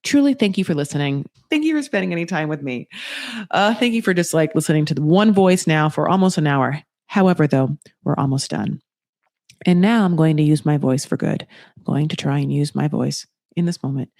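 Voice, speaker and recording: A woman's voice: sits low, animated, brisk, a little mellow, no echo, studio quality. A woman hosting a podcast, chatting casually in a rambling, sarcastic and playful way, swearing freely. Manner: playful and self-mocking. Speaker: podcast host. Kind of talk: casual reality TV recap chat.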